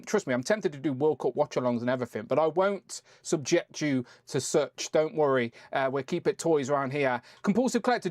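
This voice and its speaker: A man's voice: on the high side, dry recording, clean studio sound. A man hosting a casual live stream, chatting and rambling as he reads out viewer messages.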